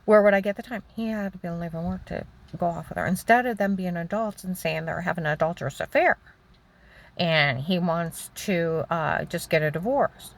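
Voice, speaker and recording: A woman's voice: on the low side, vocal fry. An older woman giving a rambling, emotional personal testimony about her own life. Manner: rambling, emotional, halting storytelling.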